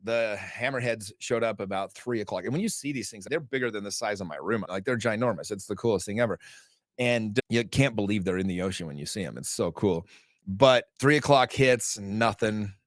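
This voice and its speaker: A man's voice: fairly low pitch, a little fast, dry recording, studio quality. A man who is a podcast guest, telling a story in a casual, emphatic way, swearing freely and acting out dialogue. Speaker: podcast guest, author and men's group founder. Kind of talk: animated storytelling in conversation.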